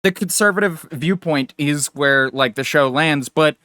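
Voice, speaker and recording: Chatty man with a slightly high voice. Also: a little slow, dry recording, studio quality. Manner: rambling, animated, many fillers and restarts. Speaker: podcast co-host. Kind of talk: casual chat.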